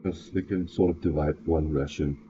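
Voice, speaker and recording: A man's voice: a bass voice, fairly even intonation, moderate pace, dull audio, noisy background. A man narrating a solo tabletop game, thinking aloud and often correcting himself.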